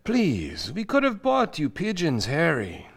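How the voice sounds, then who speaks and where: An actor playing a formal, hushed psychiatrist in a 1940s radio drama, with stiff, careful phrasing. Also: male voice, fairly high pitch, wildly swooping pitch, a little slow, creaky, husky, exaggerated voice. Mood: grave. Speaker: doctor.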